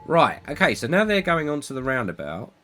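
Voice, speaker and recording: A man's voice: mid-range voice, very animated, a little fast, pushed and bright, faint music behind. A man streaming a city-building game, thinking aloud in a rambling, self-deprecating way. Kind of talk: live gameplay commentary.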